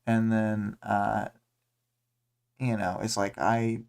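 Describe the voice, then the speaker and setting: A man's voice: mid-range voice, fairly even intonation, slow, clean tone. A man hosting a casual livestream discussion, recapping a story with many ums and uhs and putting on voices for quoted lines. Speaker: podcast host.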